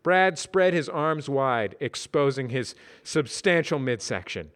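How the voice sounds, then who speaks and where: A man narrating a story in a dry, measured reading. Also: mid-range voice, animated, fairly bright tone. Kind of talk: audiobook reading.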